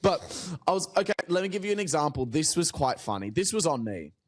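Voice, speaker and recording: A young man, co-hosting a casual podcast. He tells stories with big swings in his voice and acts out quotes as he goes. He swears freely and sounds restless and expressive. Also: fairly high pitch, fast talker. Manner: animated, swearing, storytelling with acted-out quotes. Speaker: comedian and podcast co-host.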